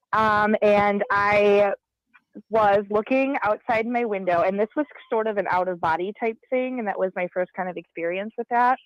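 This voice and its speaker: A woman calling in to a radio show, chatting and telling her story in a lively, talkative way over the phone. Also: medium pitch, no echo. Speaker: caller. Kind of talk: casual call-in chat. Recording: slightly muffled phone line.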